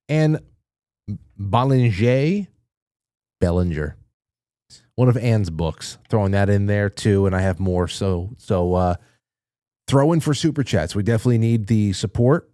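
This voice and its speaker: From a dim small studio room, a podcast host with a warm, medium-pitched voice runs a casual livestream chat, talking candidly with his audience, rambling, and swearing now and then. The sound is clean with no echo.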